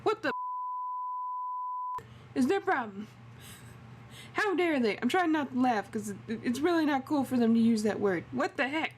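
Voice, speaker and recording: Giggly high-voiced woman streamer. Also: animated, normal speed, long pauses, slight background noise. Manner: giggly, laughs often and awkwardly. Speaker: game streamer. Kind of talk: casual let's-play chat.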